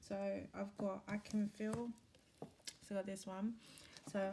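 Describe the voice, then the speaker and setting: A woman giving a casual, rambling spiritual talk to camera, candid and quick to correct herself, with the odd swear. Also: medium pitch, level tone, vocal fry, warm tone, a little hiss or hum. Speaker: spiritual reader and vlogger.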